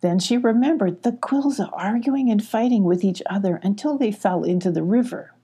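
A woman calmly reading a children's storybook aloud. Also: on the low side, gravelly, breathy edge. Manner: slow, calm, even. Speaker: audiobook reader. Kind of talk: storybook narration.

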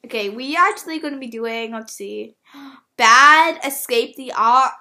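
A young woman with a high, bright voice chats over a phone mic while gaming. She is playful and animated, and she giggles often as she co-hosts. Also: a little slow. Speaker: podcast co-host. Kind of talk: casual gaming chat.

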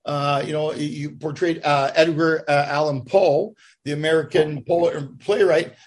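A man hosting a casual interview, talking in a rambling, halting way with many restarts. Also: fairly high pitch, fairly even intonation. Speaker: interview host.

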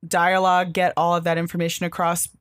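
A woman co-hosting a casual chat about comics. She talks in an animated way, with many fillers, and acts out lines of dialogue in quick put-on voices. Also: fairly low pitch, no echo, studio quality. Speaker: podcast co-host.

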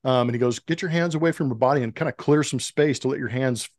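A man's voice: medium pitch, quick pace, no room sound. Middle aged guy telling long stories in a podcast interview, does little voices for the quotes, dry close mic. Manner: animated storyteller who acts out quoted dialogue. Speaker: interview guest, former pro baseball player.

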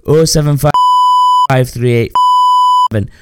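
A man's voice: mid-range voice, unhurried, heavy background noise. A man hosting a casual podcast, ranting brashly and swearing freely. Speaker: podcast host.

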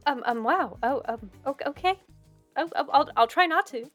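A woman's voice: sits high, lively intonation, normal speed, a bit bright, faint music behind, pitched above the performer's own voice. A woman voicing a nervous young village woman who rambles and stammers in a tabletop role-play game. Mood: flustered.

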